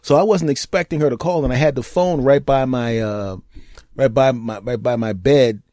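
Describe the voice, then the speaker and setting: A man hosts his own podcast solo, rambling casually through jokey stories with frequent restarts. His voice is mid-range and warm at a moderate pace, recorded at studio quality with no room sound.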